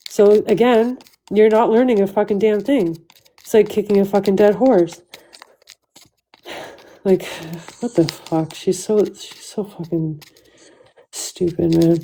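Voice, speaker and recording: A woman's voice: medium pitch, fairly even intonation, mellow, low-quality recording. A woman venting angrily and swearing a lot on her own livestream, talking straight into her phone. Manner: profane, venting, fast restarts. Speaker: livestream host. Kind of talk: heated livestream rant.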